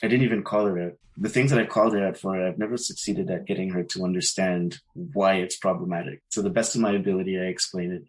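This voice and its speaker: A man's voice: low voice, poor audio. A man, a guest on a panel discussion, speaking candidly in a casual chat and telling a long personal story. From Caribbean family, mother from Barbados. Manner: candid storytelling, quotes others in raised voices.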